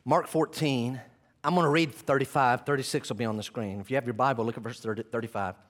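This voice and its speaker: A man preaching a sermon as pastor, swinging from loud impassioned passages to soft hushed ones, with self-deprecating asides as he reads from his notes. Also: mid-range voice, steady tone, fast.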